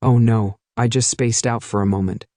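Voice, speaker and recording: A man voicing a bright, loyal young woman companion in a plain, friendly way. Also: medium pitch, steady tone, normal speed, dry recording, studio quality, lightly acted.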